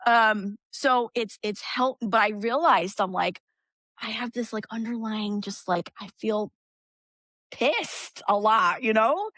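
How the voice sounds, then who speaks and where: A woman guest on a podcast, talking candidly with frank swearing and lively storytelling. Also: fairly high pitch, takes it slowly, no echo, studio quality. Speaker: guest, energy practitioner. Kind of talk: casual podcast conversation.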